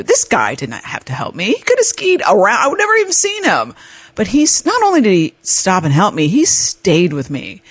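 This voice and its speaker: A woman podcast host telling a personal story in an animated way, acting out the voices of the people in it and laughing often. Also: lowish voice, slightly rough, no room sound. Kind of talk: storytelling monologue.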